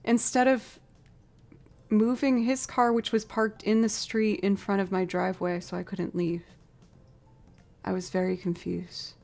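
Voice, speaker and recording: A woman's voice: mid-range voice, flat delivery, a little slow, vocal fry, long pauses, darkish tone. A woman chatting casually with her livestream viewers, telling a story and acting out both sides of the conversation. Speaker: livestream musician. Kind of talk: casual chat with live stream viewers.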